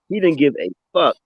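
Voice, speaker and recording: A man's voice: fairly high pitch, slightly rough, no echo, dull audio. A man in casual chat, telling jokey army stories and laughing often.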